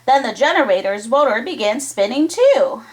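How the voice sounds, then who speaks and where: A woman's voice: on the high side, very animated, moderate pace, low-quality recording. A woman reading a chapter book aloud to children, with chatty asides to her young listeners. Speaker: children's storytime reader.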